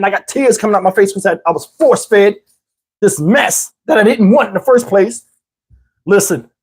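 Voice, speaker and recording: A middle-aged New Jersey man tells a comic story in a loose, animated, foul-mouthed way, calling his listeners y'all. His voice is high-pitched with a breathy edge.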